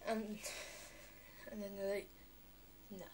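A young girl talking on a vlog, chatty and animated, with lots of filler words. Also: mid-range voice, moderate pace. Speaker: vlogger. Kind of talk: rambling vlog monologue.

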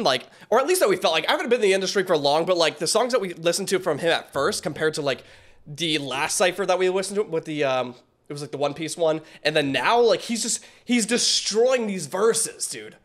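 A man hosting a reaction video, gushing excitedly with lots of fillers and laughs in casual commentary. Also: fairly high pitch.

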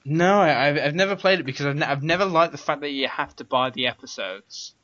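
Bright-voiced young British man, rambling. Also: fairly high pitch, brisk, no echo. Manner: rambling, loose, laughs often. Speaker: podcast co-host. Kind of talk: casual chat. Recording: dull, dry home recording.

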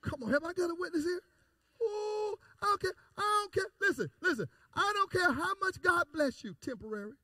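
A male pastor preaching a call-and-response sermon, repeating phrases and building to shouted emphasis. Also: extremely high pitch, animated, brisk, no room sound, studio quality.

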